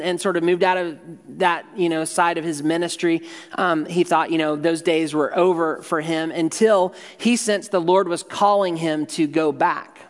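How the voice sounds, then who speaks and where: A man preaching a sermon, telling a story in an easy, conversational way and quietly acting out what the people in it say. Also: a little high, big-room sound. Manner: conversational, acts out the story's dialogue in quiet voices. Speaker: pastor.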